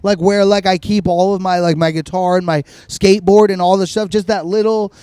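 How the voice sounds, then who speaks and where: Podcast host, male, high voice, dry slightly distorted mic; loud and sweary storyteller. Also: steady tone, fairly quick, smooth, dry recording. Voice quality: loud, swears a lot, laughs often. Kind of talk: casual storytelling chat.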